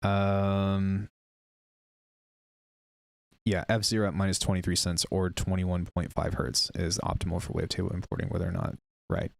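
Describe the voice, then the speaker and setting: A male music producer on a casual live stream, chatting with viewers while demoing software, rambling and unsure of himself. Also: low voice, monotone, normal speed, creaky, pauses often, dry recording.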